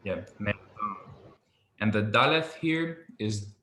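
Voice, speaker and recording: A man patiently tutoring a student in Hebrew pronunciation, relaxed and a little hesitant, with many ums. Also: fairly low pitch, normal speed, slight background noise. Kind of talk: patient one-on-one language lesson. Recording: echoey room with faint ambience.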